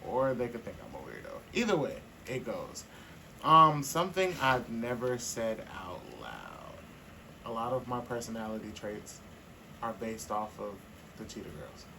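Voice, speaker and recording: A man co-hosting a podcast in casual, candid chat, animated and quick to laugh. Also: fairly low pitch, vocal fry, background noise. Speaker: podcast co-host.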